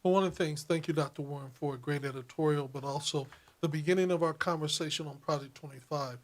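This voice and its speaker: A fairly high-voiced man co-hosting a political talk show speaks fast with fairly even intonation. He drives his points home emphatically through repetition, building intensity like a preacher.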